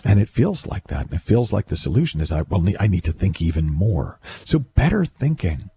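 A man with a low, gravelly voice talks through his ideas in a loose, conversational monologue. His tone is dark and husky. He restarts his sentences often and slips into little acted-out lines of self-talk. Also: sing-song, fairly quick. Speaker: speaker on mindset. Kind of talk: reflective monologue.

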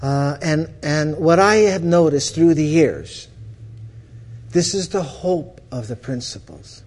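Counselor guy telling stories in a talk, kinda high voice, lively, keeps restarting his sentences. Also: takes it slowly. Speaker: counselor teaching the principles. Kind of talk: storytelling talk.

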